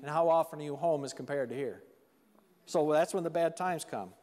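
High-voiced preacher in a reverberant church. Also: male voice, brisk, a little mellow. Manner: conversational, plain-spoken preaching with acted-out quotes. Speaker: pastor. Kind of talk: sermon. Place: church sanctuary.

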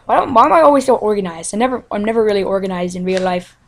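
A woman's voice: mid-range voice, expressive, very fast. A woman hosting a game let's play, chatting casually to herself in a goofy, playful way with frequent giggles. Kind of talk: casual gameplay commentary.

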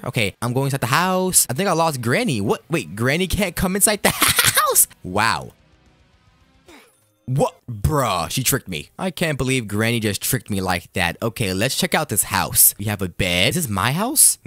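A young man talks over his gameplay with a lively, bouncing pitch that keeps leaping into high, excited yelps. He sounds jokey and slangy. The recording is dry and close, with almost no room sound. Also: dry recording. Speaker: gaming YouTuber. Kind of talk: game commentary.

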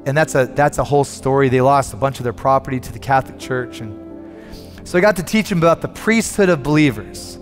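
Earnest pastor in a reverberant hall. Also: male voice, medium pitch, fast talker. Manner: earnest, repeats words as he builds up. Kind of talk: sermon storytelling. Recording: long hall reverb with faint music.

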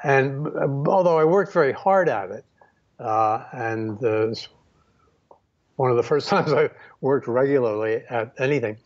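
A man recalling his past in a reflective, unhurried storytelling manner, pausing often and restarting his sentences. His voice sits at a middling pitch. The recording sounds dull and slightly lo-fi. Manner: unhurried, many fillers and restarts. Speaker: photographer guest.

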